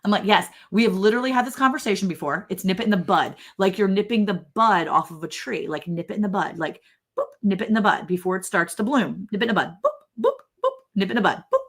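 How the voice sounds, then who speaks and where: A woman's voice: medium pitch, very animated, quick pace, husky. A woman hosting a casual live chat, telling stories and laughing often. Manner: chatty, laughing, storytelling. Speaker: live stream host.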